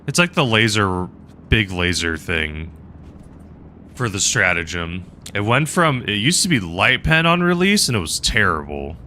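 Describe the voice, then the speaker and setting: A man's voice: fairly low pitch, sharp tone, slight background noise. A man live-streaming a game, rambling casually and chatting with viewers between laughs. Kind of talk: casual gaming commentary.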